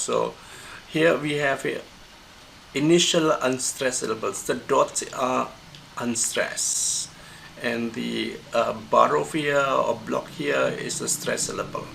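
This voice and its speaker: Guy explaining intonation, super gravelly voice, lots of uhs and restarts, faint hum behind. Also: medium pitch, steady tone, fairly bright tone, low-quality recording. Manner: halting, many fillers and restarts. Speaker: pronunciation teacher. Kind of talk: screen-recorded lecture.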